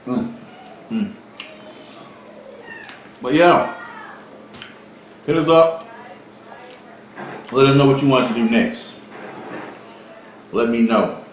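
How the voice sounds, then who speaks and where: A vlog co-host with a medium-pitched voice speaks slowly and pauses often during casual mukbang chat, cracking jokes and boasting in his stories. Faint background noise and heavy echo fill the room.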